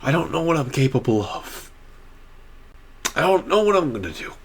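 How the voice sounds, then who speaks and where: A young vlogger addresses the camera in a personal video, heartfelt and emotional, repeatedly restarting as he rambles. The voice is fairly high, husky and very animated, at a moderate pace.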